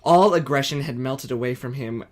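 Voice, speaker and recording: A man's voice: medium pitch, normal speed. A man reading fan fiction aloud with a playful, joking manner.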